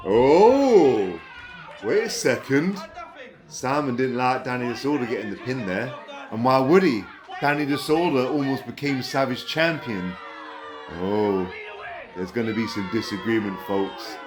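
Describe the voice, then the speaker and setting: A man calling a wrestling match play by play, excitable and breaking into high yelps at big moves. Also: background noise. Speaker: wrestling commentator. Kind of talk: play-by-play commentary. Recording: commentary over loud music.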